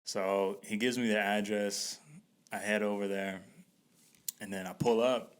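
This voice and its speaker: Low-voiced guy on a podcast telling a story, chill, cusses a lot, laughs as he goes. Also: level tone, a little slow, clear, resonant tone. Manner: laid-back, swears freely, laughs through his story. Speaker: podcast host. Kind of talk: casual storytelling.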